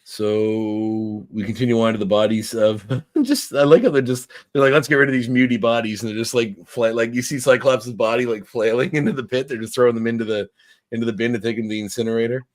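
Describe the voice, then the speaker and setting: A man's voice: mid-range voice, steady tone, a little fast, darkish tone. A man co-hosting a podcast, casually recapping a comic with lots of fillers and restarts. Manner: rambling recap with fillers, reads quotes aloud. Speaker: podcast co-host. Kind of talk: casual comic review chat.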